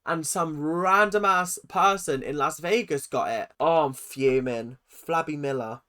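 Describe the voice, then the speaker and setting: A young host in their twenties, ranting through a reaction video in a sarcastic, animated way and swearing freely. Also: mid-range voice, measured pace. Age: 20s.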